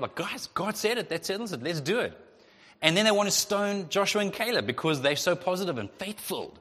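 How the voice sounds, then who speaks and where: A male pastor preaching a sermon in a lively way, acting out the voices of the people in his story. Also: fairly high pitch. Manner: animated, acts out voices of God and the Israelites. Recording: long hall reverb.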